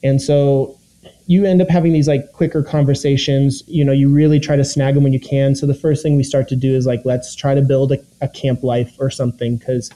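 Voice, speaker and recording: A young man recalls his time on a competition show in a loose, rambling way, full of ums and quoted asides. His voice is deeply mellow and warm, with a middling pitch. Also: little pitch movement, brisk, low-quality recording. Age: young adult. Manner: rambling, filler-heavy, quotes his own thoughts. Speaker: former reality competition contestant. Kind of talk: casual recounting in an interview.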